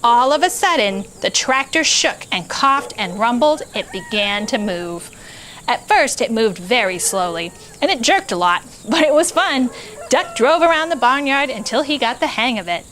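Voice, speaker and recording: A woman hosting a children's story show, reading a picture book aloud in an animated, playful way. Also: a little high, normal speed.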